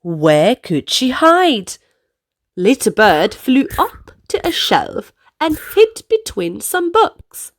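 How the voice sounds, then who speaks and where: A woman reading picture books aloud to children in an animated, sing-song way. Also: on the high side, slow pace, no echo, studio quality. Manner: animated, sing-song, playful sound effects. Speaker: storyteller. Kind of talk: picture-book read-aloud for kids.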